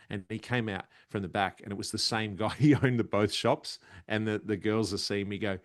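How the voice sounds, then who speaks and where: A man with an Australian accent, a comedian guest telling animated stories and slipping into voices. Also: fairly low pitch, fairly quick, no room sound, clean studio sound. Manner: animated storytelling, slips into voices. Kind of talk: casual interview chat.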